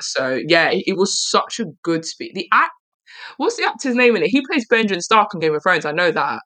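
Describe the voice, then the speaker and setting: A woman from East London co-hosting a podcast, talking in a playful, animated way with quick restarts. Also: on the low side. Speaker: podcast co-host. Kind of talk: casual chat.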